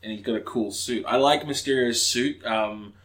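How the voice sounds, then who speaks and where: A man's voice: medium pitch, normal speed, fairly bright tone. A man co-hosting a podcast in casual chat, rambling and enthusiastic, with frequent restarts and casual swearing. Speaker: podcast co-host.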